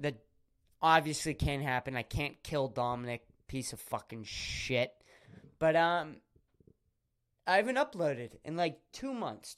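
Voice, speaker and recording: A man's voice: fairly high pitch, clear, resonant tone. A young man hosting a casual podcast monologue, rambling through crude, absurd stories with lots of fillers. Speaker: podcast host.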